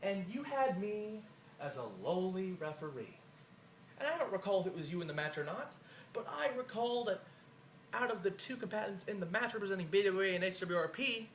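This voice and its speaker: A man's voice: high-pitched, big pitch swings, a little fast, sharp tone, a little hiss or hum. A man cutting a boastful, profane wrestling promo, his voice a bit worn. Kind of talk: trash-talking wrestling promo. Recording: echoey room, faint ambience.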